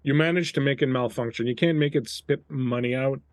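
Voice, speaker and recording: Chatty game master, dry close sound. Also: male voice, medium pitch, fairly quick, no echo. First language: French. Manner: loose, chatty, many fillers. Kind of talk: narrating a tabletop game.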